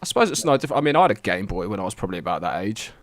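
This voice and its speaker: A man's voice: fairly low pitch, sing-song, racing, dry recording. A man of about thirty, co-hosting a podcast in casual, swearing banter. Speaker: podcast co-host. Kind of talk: casual chat.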